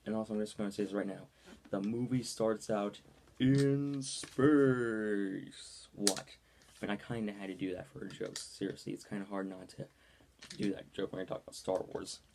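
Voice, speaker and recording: Gravelly young man reviewing a movie. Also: low voice, completely flat delivery, fast talker, darkish tone, a little hiss or hum. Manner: rambling, with many ums and likes. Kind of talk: casual video review.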